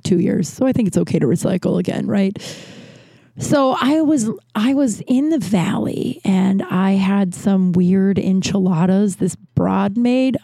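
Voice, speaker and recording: A woman's voice: medium pitch, vocal fry, warm tone, breathy edge, no room sound. A woman in her thirties hosting a podcast, telling a rambling casual story and often breaking into laughter. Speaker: podcast host.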